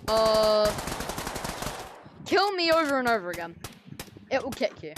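A fairly high-voiced woman talking through a VR headset mic, loosely explaining a shooter game to a friend and cracking jokes. Loud gunfire rattles behind her, and she shouts when the action heats up. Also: unhurried, background noise. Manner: chatty, joking, loud bursts of excitement. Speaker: player teaching a newcomer. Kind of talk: casual gameplay chat.

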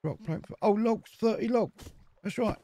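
A man's voice: sits high, moderate pace, mellow. A man chatting casually to himself as he plays a video game, joking and muttering along the way. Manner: chatty, jokey, talks to himself while playing. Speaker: gaming video host. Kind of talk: casual let's-play commentary.

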